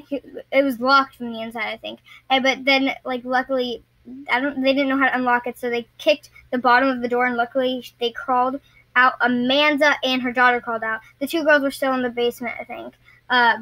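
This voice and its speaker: High, bright young woman vlogger. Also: no room sound, rough recording. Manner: rambling, stumbles and restarts often. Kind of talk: casual storytelling to camera.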